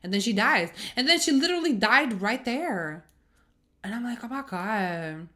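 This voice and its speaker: A young woman recapping and reacting to a TV episode in a casual, animated way, swearing and acting out the scenes. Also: fairly high pitch, normal speed. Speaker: show reviewer.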